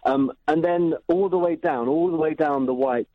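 A caller phones in to a radio show, offering cooking advice in a chatty, earnest way. His voice is on the high side at normal speed, with no room sound, coming through a tinny phone line.

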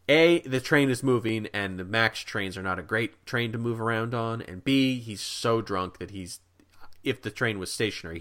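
A man co-hosting a podcast, telling a story in a casual, animated way with many asides. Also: fairly low pitch. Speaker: podcast co-host.

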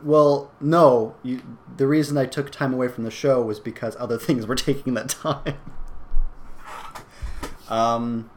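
A man's voice: medium pitch, steady tone, measured pace. Hesitant man with faint background noise. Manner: hesitant, filler-heavy, laughs easily. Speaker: podcast co-host. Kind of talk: casual chat.

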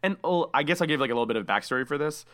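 A man's voice: a little high, lively intonation, very fast, a bit bright. A man hosting a casual podcast, chatty and enthusiastic, saying dude a lot. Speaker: podcast host.

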